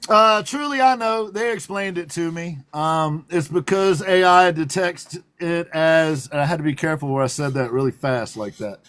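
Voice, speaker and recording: A man's voice: on the high side, moderate pace, hardly any pauses, a bit bright. A man with a Southern drawl hosting a livestream talk show, playful and teasing and laughing often. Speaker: host.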